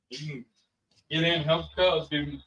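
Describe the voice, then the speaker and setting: A man's voice: fairly high pitch, fairly bright tone, slight background noise. Rambling man chatting on a livestream. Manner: rambling, chatty, talks to viewers and family. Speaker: livestream host and home cook. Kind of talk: casual livestream chat. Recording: dull, distant mic.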